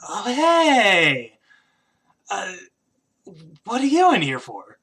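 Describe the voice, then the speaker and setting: Man doing a drunk old priest, higher than his own voice, dazed and slurring, bright tone. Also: wildly swooping pitch, drawn-out words, heavily acted.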